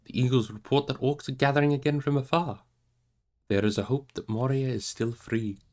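A man reading aloud voices an old male wizard, solemn and commanding, in measured tones. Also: medium pitch, a little mellow, close to an everyday voice. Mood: grave. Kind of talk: audiobook reading.

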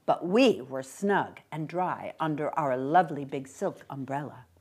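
A woman reading a short story aloud with expressive, brisk narration. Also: low-pitched, breathy edge. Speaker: reader.

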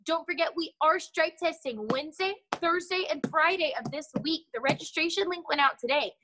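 A woman's voice: very high-pitched, a little fast, noisy background. A woman teaching a martial arts class for children over a video call, upbeat and teasing.

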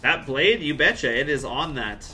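A man's voice: a little high, expressive, normal speed, pushed and bright, faint music behind. A man from Central Alberta chatting casually on a live game stream, answering chat with jokey asides. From Central Alberta, Canada. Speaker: game livestreamer.

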